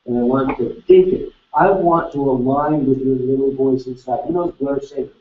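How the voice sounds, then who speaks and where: A man leading a live seminar, energetically quizzing the audience with quick questions. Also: medium pitch, slight background noise. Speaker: seminar speaker. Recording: echoey hall, distant mic, dull sound.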